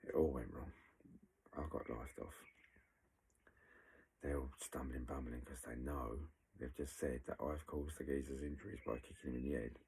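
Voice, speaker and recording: A man with a very deep, slightly rough voice bluntly recounts past events, acting out what people said and swearing freely. His storytelling is animated, and the audio quality is poor.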